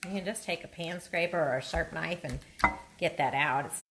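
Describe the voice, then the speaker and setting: Her voice sits low and moves at a moderate pace as she hosts a live cooking show from her own kitchen. She's chatty, rambling and self-deprecating about her slips, while the echoey room carries loud frying, sizzling and clatter.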